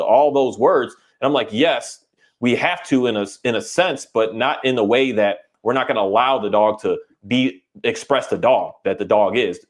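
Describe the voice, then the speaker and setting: Earnest rambling man in casual talk. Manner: earnest, rambling, acts out owners and dogs in a higher voice. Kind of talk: casual podcast conversation.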